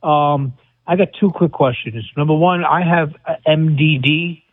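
A man's voice: a little high, measured pace, breathy edge, no room sound. A man calling in to a radio show, asking questions hesitantly with many fillers. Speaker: caller. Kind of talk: call-in question. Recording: tinny phone line.

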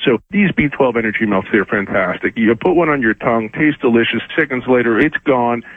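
Man, 50s, husky voice, tinny phone line, persuasive radio pitch. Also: dry recording. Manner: enthusiastic, persuasive. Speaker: supplement expert guest.

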